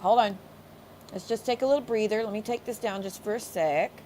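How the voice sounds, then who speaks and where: A woman's voice: medium pitch, fairly quick, dark tone, slight background noise. A woman hosting a livestream, ranting angrily with heavy profanity and sarcastic mockery. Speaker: streamer host. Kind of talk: livestream rant.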